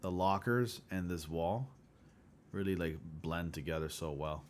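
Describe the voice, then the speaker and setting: Man, very deep voice, casual livestream chat, rambling, fillers, chuckles, faint hiss behind. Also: unhurried. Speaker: livestream host.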